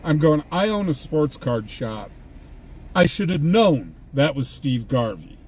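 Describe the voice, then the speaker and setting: A man's voice: on the high side, sing-song, a little slow, darkish tone. A man hosting a live stream, casually telling anecdotes and laughing at his own stories while he sits in a vehicle. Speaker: livestream host and scanner chaser. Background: faint vehicle and ambient noise.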